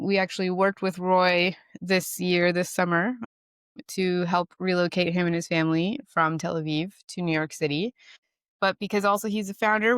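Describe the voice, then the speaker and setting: A woman's voice: fairly low pitch, a bit bright, clear, resonant tone, dry recording, studio quality. A young woman co-hosting a podcast, chatty and friendly, laughing as she introduces and questions a guest. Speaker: podcast co-host. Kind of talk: casual podcast chat.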